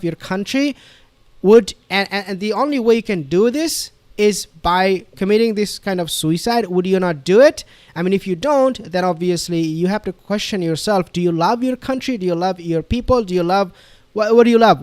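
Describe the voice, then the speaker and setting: A man's voice: high voice, a little mellow, no room sound. A man commenting on a played interview clip, emphatic and repetitive, with frequent fillers and restarts. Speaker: online commentator.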